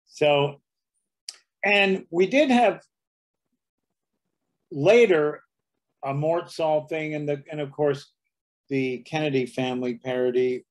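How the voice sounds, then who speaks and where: Brief: comedian guest in his seventies, anecdotal and animated, voice on the higher side. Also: slow, pauses often. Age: 70s. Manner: anecdotal, lively, slips into dialect impressions. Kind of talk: casual interview storytelling.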